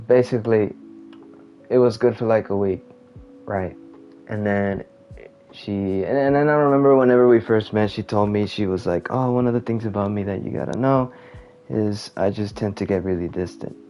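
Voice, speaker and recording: A man casually venting about his life while playing a game, rambling and halting, often trailing off quietly. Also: fairly low pitch. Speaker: gamer venting. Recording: muffled lo-fi audio with faint game music.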